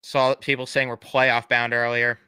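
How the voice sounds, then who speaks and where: A man's voice: mid-range voice, flat delivery, normal speed, sharp tone, slight background noise. A young man live streaming as a fan, ranting casually with blunt swearing and sarcastic mock apologies.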